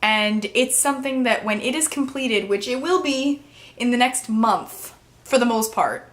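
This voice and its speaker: A woman's voice: fairly high pitch, a little slow. Bubbly chatty teenage girl vlogger. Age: teens. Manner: bubbly, chatty, full of "like" fillers. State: emotional, near tears at times. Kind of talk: casual vlog chat.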